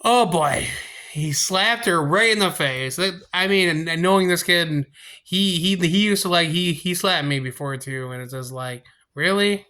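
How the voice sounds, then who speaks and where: A young man tells a story to his viewers in a casual, rambling way, restarting his sentences often. His voice sits high and has a bright, forceful edge. He sounds animated as he tells it. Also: moderate pace. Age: young adult. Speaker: storytime vlogger.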